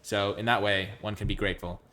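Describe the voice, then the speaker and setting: A man commentating his own card game matches casually, excitable and full of exclamations. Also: fairly low pitch, fairly quick.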